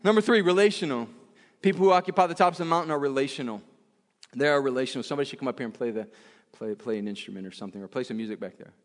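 A man's voice: medium pitch, very fast, long reverb tail. A man preaching a sermon in a church, emphatic and repetitive, often restarting his phrases.

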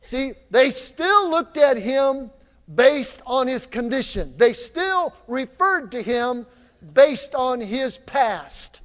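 A male pastor preaching a lively sermon in a church, drawing the congregation into call-and-response. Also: very high voice, slow pace, long reverb tail. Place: church sanctuary.

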